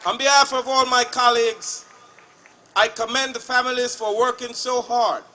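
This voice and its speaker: A male legislator speaking at a protest rally in a deliberate, chant-like way, leading repeated calls. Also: very high voice, little pitch movement, pushed and bright. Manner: slow, deliberate, chant-like repetition. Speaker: state legislator.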